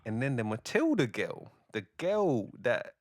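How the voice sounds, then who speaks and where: A man co-hosting a podcast in casual chat, animated and slangy, acting out what people said. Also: mid-range voice, measured pace, no echo, clean studio sound. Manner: animated, acts out quotes, slangy. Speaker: podcast co-host.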